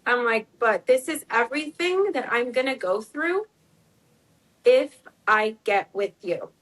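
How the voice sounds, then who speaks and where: Expressive and a little slow, a woman in her twenties with a slightly high, fairly bright voice tells a personal story as an interview guest. She chats casually, acts out quoted dialogue, and says "like" often, on a rough recording.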